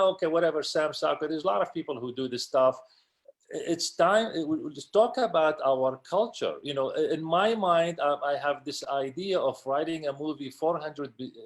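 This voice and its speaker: A man being interviewed as a casting director and producer, talking with passion and force, often repeating himself for emphasis. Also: a little high. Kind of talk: interview conversation.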